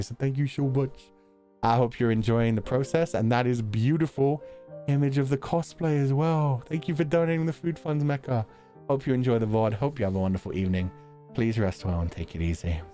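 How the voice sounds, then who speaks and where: Male streamer, casual post-stream chat, animated pitch, frequent laughter, thinking aloud, faint music underneath. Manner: laughs often, thinks out loud, swears casually. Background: faint background music.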